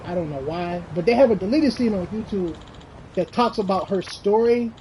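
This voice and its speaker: A game streamer chatting casually and telling stories in an animated, rambling way, with lots of slang and swearing. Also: medium pitch, a little hiss or hum, rough recording. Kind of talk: casual chat while streaming.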